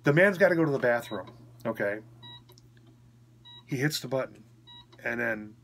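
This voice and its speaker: A man's voice: medium pitch, lively intonation, moderate pace, creaky, long pauses, a bit bright. A man recounting a story in a casual, frank and rambling way, often checking in with his listener, while recovering after a hospital stay. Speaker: vlogger.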